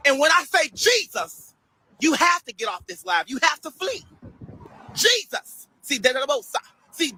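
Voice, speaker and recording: A man livestreaming a preachy monologue, loud and animated, sassy and dismissive toward his commenters. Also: very high voice, breathy edge, low-quality recording. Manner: loud and animated, bursts into shouts and laughter.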